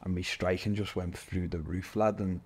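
A man, a guest telling his story in an animated, casual way, swearing and calling everyone lad. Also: sits low, moderate pace, slightly rough. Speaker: podcast guest, MMA fighter.

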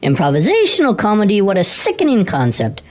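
A voice actor playing a dry, sardonic robot co-host on a comedy podcast, speaking in a scornful deadpan. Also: female voice, medium pitch, a little fast.

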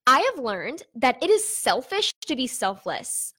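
A woman's voice: sits high, sing-song, unhurried, pushed and bright. A young woman business owner giving an emotional, candid, chatty vlog update, talking to her viewers like friends. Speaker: online business owner giving an income report. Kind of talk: casual to-camera vlog talk.

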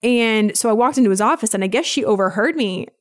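Talking fast in a fairly high voice, a personal trainer guesting on a podcast tells a personal story, acting out quoted dialogue with lively flair during the casual interview.

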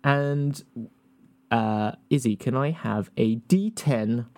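A man's voice: mid-range voice, slow, a little mellow, soft background music. A man, hosting a tabletop game session as game master, chatty and often laughing. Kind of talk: hosting a tabletop character creation.

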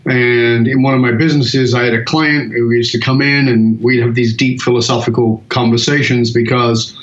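A British man in his sixties, a guest telling animated stories and acting out the other people in them. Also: mid-range voice, moderate pace. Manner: animated anecdotes, acts out quoted voices. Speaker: guest speaker. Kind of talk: storytelling in an interview. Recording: roomy, dull lo-fi audio.

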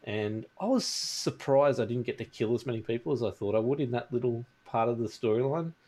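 A man's voice: mid-range voice, fairly quick, a little mellow. A man with an Australian accent hosting a casual gaming podcast, telling stories and mimicking people. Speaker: podcast host. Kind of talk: casual chat.

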